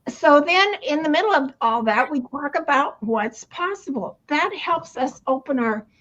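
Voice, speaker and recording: A woman's voice: high-pitched, animated, normal speed, fairly bright tone. An older woman, a retirement coach, talking casually in an interview, rambling with many restarts and frequent laughs. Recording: dull lo-fi sound.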